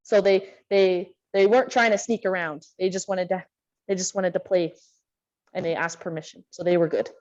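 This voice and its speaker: A woman's voice: on the low side, steady tone, normal speed, darkish tone, dull audio. A woman instructor running a live online exercise class, chatting about her week while calling out moves and breathing cues. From Canada. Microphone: video call.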